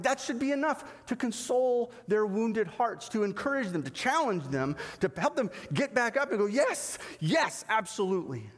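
A man preaching a sermon as pastor, animated and acting out the voices he quotes. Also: extremely high pitch, big-room sound. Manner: animated, acts out quoted dialogue.

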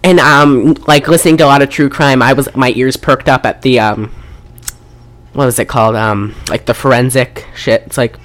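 A woman's voice: very deep voice, fairly even intonation, normal speed. Young woman rambling thru a movie recap, swears a lot, super casual. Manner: rambling, profane, laughs while retelling scenes. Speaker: podcast host reviewing a film. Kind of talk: casual chat.

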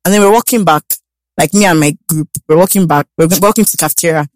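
A woman doctor, telling stories in an animated, emphatic way during a casual chat. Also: lowish voice, quick pace, no echo. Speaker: podcast co-host, doctor.

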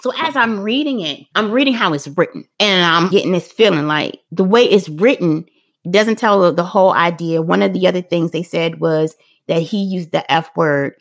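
A woman's voice: fairly low pitch, moderate pace. A middle-aged woman, a parent, telling her own story in casual podcast talk, talking straight to listeners and acting out what others said. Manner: animated, acts out others' lines in dialogue; talks straight to listeners, conversational fillers.

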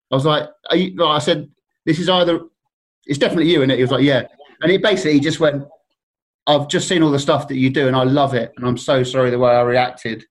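A man spins a long anecdote in loose, easy chat. He rambles, restarts and laughs at his own mishaps. His voice sits at an ordinary middle pitch. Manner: rambling, self-deprecating, laughs often. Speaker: guest telling stories. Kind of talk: casual storytelling.

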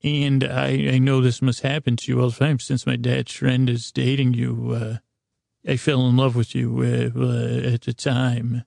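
Gravelly deadpan man telling a rambling story. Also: medium pitch, no echo, studio quality. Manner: halting, meandering delivery full of restarts. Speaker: podcast storyteller. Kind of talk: rambling comedic bedtime story narration.

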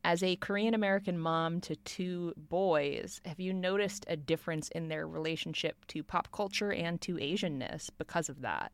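A woman hosting an interview, asking questions in a measured, thoughtful way. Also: fairly low pitch, clean tone, no echo. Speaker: host.

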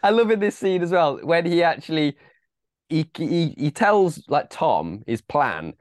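Lively, slightly high man chatting. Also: measured pace, dry recording, clean studio sound. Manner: enthusiastic, laughing, chiming in. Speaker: podcast co-host. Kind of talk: casual chat about a film.

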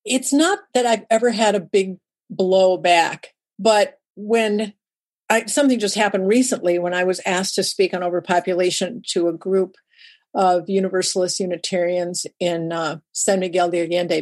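Animated woman telling stories in an interview. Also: medium pitch, normal speed. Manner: lively storyteller who acts out quoted dialogue. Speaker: guest, writer and speaker. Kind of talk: conversational interview storytelling.

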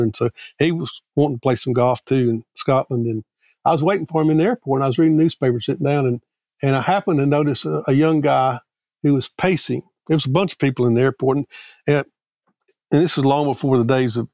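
Gravelly middle-aged man telling a story. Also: medium pitch, steady tone, darkish tone, no room sound, muffled recording. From Mississippi, US. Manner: halting, earnest, with frequent restarts. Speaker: guest theologian. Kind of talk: personal storytelling in a podcast interview.

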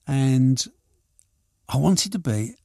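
Gravelly older man telling stories. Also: medium pitch, slow, no room sound, clean studio sound. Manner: lively anecdotal storyteller, restarts and acts out quotes. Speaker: boxing and snooker promoter. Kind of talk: reminiscing interview answers.

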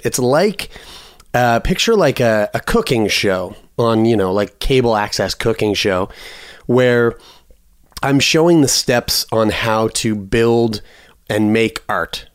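A man's voice: medium pitch, expressive, unhurried, no echo, clean studio sound. A Canadian man co-hosting a podcast, telling stories in a rambling, self-deprecating way. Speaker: podcast co-host. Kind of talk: casual chat.

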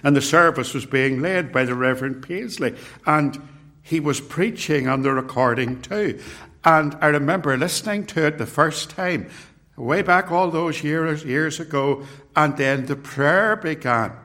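An older man preaching a sermon, slow and measured, repeating key words for emphasis. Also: on the high side, bright, forceful tone.

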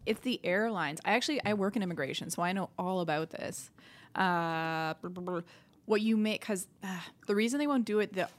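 A woman's voice: medium pitch, brisk. A woman, a comedian guest, talking in blunt, chatty style on a podcast and explaining things at length. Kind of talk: casual chat.

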